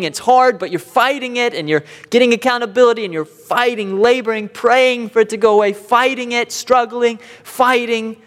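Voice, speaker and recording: A man's voice: fairly high pitch, a bit bright. A man preaching a sermon as pastor, earnest and emphatic, driving points home with repeated phrases. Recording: long hall reverb.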